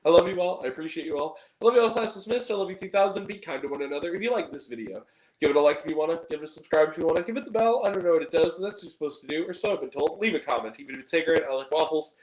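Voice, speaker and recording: A man's voice: fairly high pitch, animated, racing, a little mellow, echoey room, poor audio. A man hosting a movie review video, rambling casually with plenty of fillers and casual swearing.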